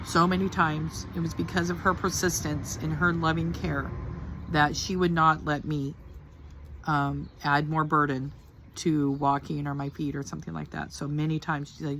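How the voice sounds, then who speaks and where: An older woman with a deep, low-pitched voice talks straight to the camera, sharing a personal faith testimony. Her delivery is earnest and heartfelt, wandering casually from thought to thought. A faint background noise sits under her voice. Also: level tone, moderate pace, a bit bright. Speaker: Christian testimony speaker.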